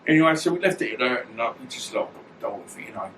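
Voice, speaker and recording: Here the same kind of guest, a former boxer in his 50s, rambles through casual stories with blunt, slangy talk. He speaks at a racing clip in an expressive, mid-range, fairly bright voice. There's roomy echo from a distant mic, with faint ambience and a little background noise.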